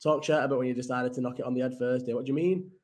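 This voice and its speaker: Rambling sweary northern lad on a livestream. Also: male voice, mid-range voice, fairly even intonation, very fast, a little mellow. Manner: rambling, sweary, reads chat aloud. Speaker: livestream host. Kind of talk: casual live-chat stream.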